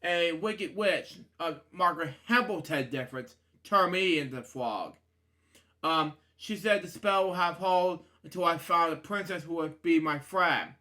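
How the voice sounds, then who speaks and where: A grateful young prince from a storybook, once a frog, as a man reads him out. He speaks in a bright, plain voice with a few slips. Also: a little high, a little slow.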